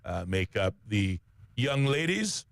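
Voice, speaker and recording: Low-voiced radio host, dry studio sound. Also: male voice, very animated, slow pace, creaky, no echo. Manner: conversational, with frequent "uh" fillers and self-corrections. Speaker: radio talk show co-host. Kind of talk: sports and news talk on radio.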